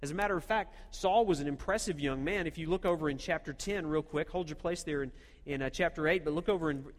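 A man's voice: on the high side, fast talker, big-room sound. A male pastor preaching a sermon, emphatic and direct, putting rhetorical questions to his congregation.

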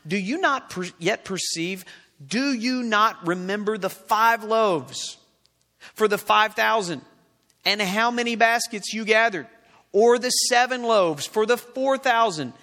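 A man's voice: high-pitched, bright, forceful tone. A male pastor preaching a sermon to his congregation, reading scripture aloud and putting questions to the listeners. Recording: long reverb of a large hall.

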